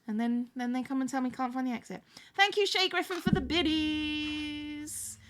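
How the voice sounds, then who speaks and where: A woman's voice: high-pitched, animated, fast, a bit bright. A woman hosting a live stream, chatting casually while she sews crafts and thanks viewers, often restarting her sentences. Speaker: livestream host.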